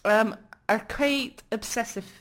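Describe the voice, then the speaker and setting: A woman's voice: on the high side, slow pace, a bit bright. A woman artist performing comic, rambling chat, self-mocking and laughing often.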